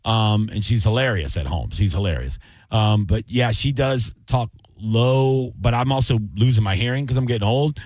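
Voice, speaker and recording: A middle-aged man co-hosting a radio show, chatting in a relaxed, rambling, self-mocking way. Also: fairly low pitch, normal speed, no echo. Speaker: radio co-host. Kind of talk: casual radio chat.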